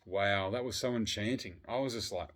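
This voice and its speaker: A man with a slightly low voice talks in a loose, casual vlog ramble. He swears freely and swings between loud bursts of excitement and low, mumbled asides. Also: normal speed. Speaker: vlogger. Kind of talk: casual chat.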